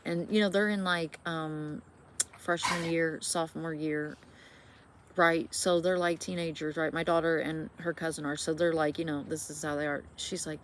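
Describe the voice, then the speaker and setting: A woman's voice: low-pitched, flat delivery, normal speed, a little hiss or hum. A middle-aged woman from Indiana, telling a personal ghost story to viewers in a chatty, swearing way with many fillers. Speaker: vlogger. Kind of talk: casual storytelling.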